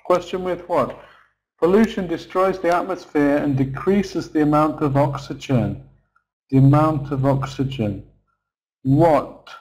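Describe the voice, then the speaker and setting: A man teaching an online lesson, slow and patient, repeating key phrases for his students. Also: fairly high pitch, a little mellow, poor audio. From England. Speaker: English teacher.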